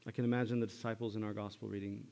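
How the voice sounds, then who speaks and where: A male pastor preaches in a loose, conversational way, now and then lifting his voice to act out the people in his story. His voice sits fairly low. The church hall around him rings with a long reverb. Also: rapid-fire, creaky. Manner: conversational and animated, acting out voices of the disciples. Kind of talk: sermon.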